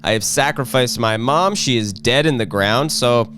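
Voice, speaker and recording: A man's voice: mid-range voice, moderate pace, a bit bright, close to an everyday voice. A man putting on the voice of a naive young woman desperate to be famous, chirpy and eager.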